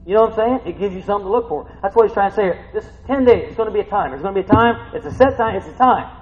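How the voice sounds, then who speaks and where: An older man preaching a sermon, swinging from hushed asides to excited shouts. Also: sits high, rapid-fire, in a large hall, phone-quality sound, a little hiss or hum. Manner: animated, swings from quiet to shouting. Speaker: pastor.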